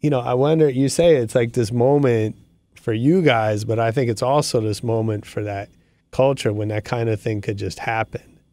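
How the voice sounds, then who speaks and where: A man's voice: medium pitch, normal speed, darkish tone, dry recording. A middle-aged man hosting an interview, talking in a reflective, loose way with many fillers. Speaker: podcast host. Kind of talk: conversational interview.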